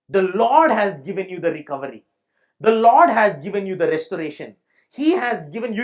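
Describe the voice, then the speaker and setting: Emphatic pastor with Indian English accent. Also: male voice, high voice, animated, fairly quick. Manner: emphatic, repeats points and checks the audience understands. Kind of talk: preaching a sermon. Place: church.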